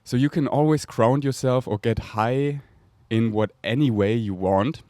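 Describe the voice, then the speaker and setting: A man's voice: medium pitch, measured pace, a little mellow, dry recording. A man with a German accent hosting a podcast, rambling dreamily and laughing often. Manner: dreamy, rambling, laughs often, makes breathy whooshing sounds. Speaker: podcast host. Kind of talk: casual spiritual monologue.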